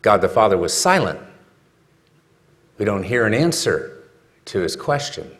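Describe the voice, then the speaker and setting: Brief: male pastor, low-pitched, relaxed chat style of sermon that swells into emphatic questions. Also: measured pace. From California. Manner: conversational, rhetorical questions, builds to emphatic peaks. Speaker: preacher.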